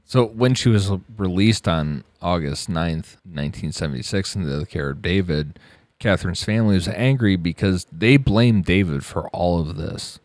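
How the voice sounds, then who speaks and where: A man's voice: low voice, lively intonation, normal speed, a little mellow, dry recording. A man casually narrating a true crime story on a podcast, laughing often as he goes. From United States.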